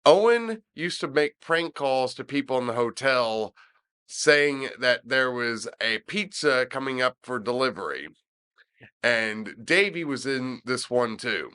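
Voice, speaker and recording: A man co-hosting a podcast, telling wrestling stories in casual, animated chat. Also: medium pitch, measured pace, smooth. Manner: animated storyteller, chuckling, filler-heavy. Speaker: podcast co-host.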